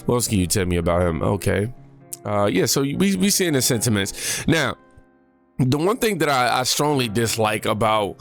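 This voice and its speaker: A man's voice: lowish voice, a bit bright. Chatty man reacting to clips, slangy. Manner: chatty, slangy, lots of fillers and asides. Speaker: reaction channel host. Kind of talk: casual commentary reacting to clips.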